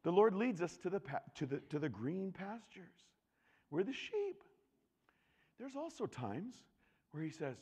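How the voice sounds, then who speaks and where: A man preaching a sermon, animated and swinging from loud declarations to hushed asides. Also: fairly high pitch, normal speed, husky, long reverb tail, dull audio.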